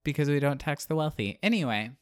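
Snarky man with a smooth voice. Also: a little high, expressive, fast talker, dry recording, studio quality. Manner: sarcastic, snarky quips. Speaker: podcast co-host. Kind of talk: casual podcast banter.

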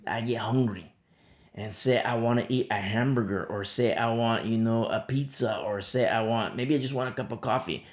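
Male preacher, gravelly, chatty storyteller, recorded in a reverberant room. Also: mid-range voice. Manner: conversational storytelling with frequent "you know". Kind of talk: sermon.

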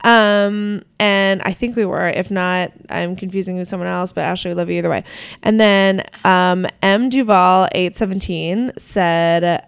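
A woman's voice: fairly low pitch, steady tone, unhurried, vocal fry, clean tone, no echo. A woman co-hosting a podcast in casual chat, gushing as she thanks listeners and reads their reviews. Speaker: podcast co-host.

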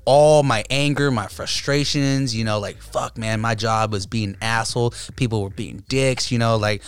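A man's voice: mid-range voice, fairly even intonation, moderate pace, clean tone, no echo. Laid-back man telling breaking stories. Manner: laid-back storytelling, imitates friends' voices, laughs often. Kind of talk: casual chat.

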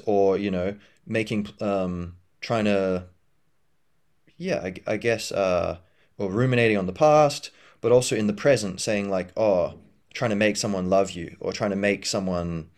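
A man with a darkish tone hosts a podcast, thinking out loud in a casual, reflective monologue. He rambles with lots of fillers and restarts, and acts out inner voices by raising his pitch.

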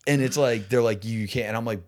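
A young man, a stand-up comedian guest on a podcast, talking in a casual, rambling way, full of "like" and "dude" and quick laughs. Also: mid-range voice. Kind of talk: casual chat.

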